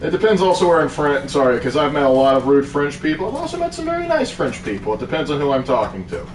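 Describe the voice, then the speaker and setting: A man's voice: a little high, very animated, fast, distant mic. A man making dry, joking asides during a casual game stream. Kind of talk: casual gameplay chat. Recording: echoey, a bit off-mic, faint noise.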